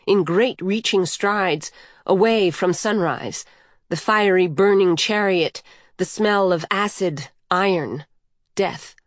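Woman reading a novel, slow and steady, super dry close sound. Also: medium pitch, dry recording. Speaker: audiobook narrator. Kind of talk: scripted narration.

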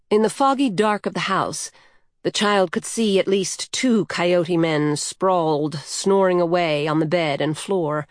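A woman narrating a storybook in a slow, measured, lyrical way. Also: on the low side, no echo, clean studio sound. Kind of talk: scripted audiobook narration.

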